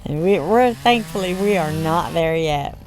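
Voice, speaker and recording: A woman with a Southern US drawl talks slowly and with plenty of gravelly fry, in a fairly low voice. She rambles casually over her gameplay, often slipping laughs between her words. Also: lively intonation, darkish tone, slight background noise. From born in Michigan, raised in the US South. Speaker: gaming channel host.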